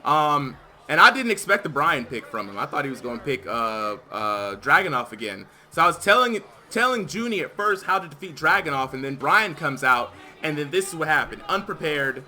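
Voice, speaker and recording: A man's voice: fairly high pitch, normal speed, hardly any pauses. A man co-hosting a casual recap chat, telling stories animatedly and acting out what people said. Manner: animated storyteller, acts out quotes. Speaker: podcast co-host.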